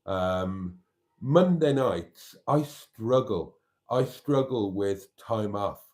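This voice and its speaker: A man's voice: lowish voice, expressive, very slow, a little mellow. A man hosting a live stream, chatting in a rambling way and reading viewer comments aloud. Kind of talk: casual live-stream chat.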